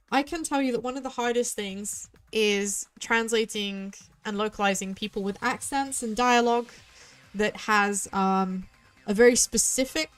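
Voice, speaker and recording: A woman from southwest England with a West Country accent, rambling through chatty let's play commentary as a VTuber streamer. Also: mid-range voice. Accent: West Country English. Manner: rambling, chatty, quick tangents.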